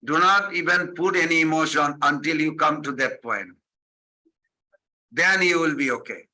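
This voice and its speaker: Bright-voiced man giving a devotional talk. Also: on the high side, moderate pace, poor audio. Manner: animated storytelling, acting out quotes, repetitive phrasing. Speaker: spiritual teacher. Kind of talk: devotional sermon with stories.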